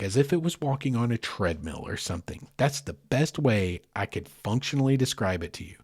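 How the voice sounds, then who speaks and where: A man, hosting a podcast and telling a scary story from his own life in an animated, dramatic way. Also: medium pitch, slightly rough, no echo, clean studio sound. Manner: animated, dramatic retelling with sound effects. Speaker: podcast host. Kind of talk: first-person storytelling.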